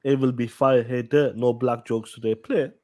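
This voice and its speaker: A man's voice: medium pitch, steady tone, normal speed, warm tone. A man co-hosting a casual podcast, emphatic and repeating his points to drive them home. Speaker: podcast co-host. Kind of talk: casual chat.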